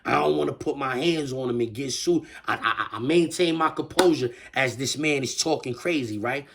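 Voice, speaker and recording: A man's voice: mid-range voice, expressive, brisk, creaky, few pauses, noisy background. A man giving a casual commentary rant in slangy street talk, full of stammered restarts. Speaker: online commentator.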